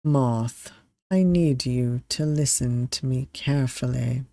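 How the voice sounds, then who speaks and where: A streamer voicing a calm young male pirate in a visual novel, speaking with steady, low-key reassurance. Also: takes it slowly, no echo. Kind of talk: reading a visual novel aloud.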